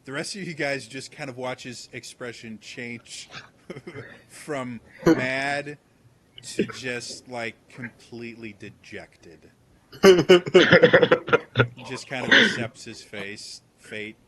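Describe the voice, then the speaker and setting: A man narrating a tabletop game as game master, relaxed and rambling. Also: mid-range voice, slow pace, long pauses.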